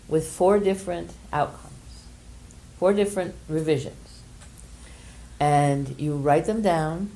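A deep-voiced older woman leads a workshop group, gently explaining an exercise and telling a personal story. She speaks hesitantly, pausing often.

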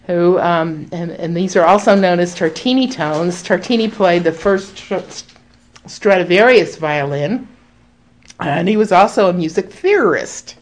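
A woman speaking earnestly and reflectively to a group, explaining ideas with frequent pauses and fillers. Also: lowish voice. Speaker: speaker leading a spiritual group talk.

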